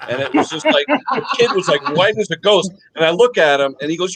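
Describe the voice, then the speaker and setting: A high-pitched older man spins animated stories in a relaxed chat and keeps asking his listeners "okay?" as he goes. The recording is dry and close, with no room sound around his voice. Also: brisk, vocal fry, no echo, low-quality recording. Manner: animated storyteller, checks in with "okay?" tags. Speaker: guest on live chat. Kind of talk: casual storytelling chat.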